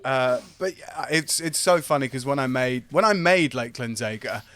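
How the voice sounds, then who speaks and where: A man's voice: medium pitch, moderate pace, fairly bright tone, clear, resonant tone. A man, the game master, chatting casually and rambling a bit as he looks back on the game. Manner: rambling, reflective, with filler words. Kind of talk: casual podcast chat.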